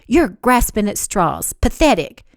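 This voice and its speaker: A woman performs an indignant young woman from a storybook romance, shouting shrilly and high. It's very animated and a little slow, recorded in a clean studio with no room sound.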